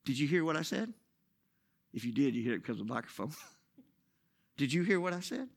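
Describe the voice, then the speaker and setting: A man preaching a sermon, dropping to hushed whispers and then rising to shouted, sing-song preaching. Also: fairly high pitch, sing-song, a little fast, gravelly.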